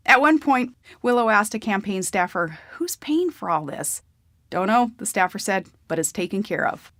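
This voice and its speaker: A woman's voice: medium pitch, a bit bright, no room sound, clean studio sound. Woman reading a memoir plainly. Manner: plain, conversational storytelling. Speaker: audiobook narrator. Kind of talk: memoir audiobook narration.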